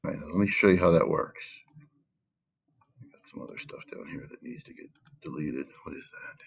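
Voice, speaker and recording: Man, math teacher, low voice, lo-fi computer mic, patient, fillers. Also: brisk, vocal fry, breathy edge. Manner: patient, stresses key words, thinks aloud with fillers. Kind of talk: screen-recorded math lesson.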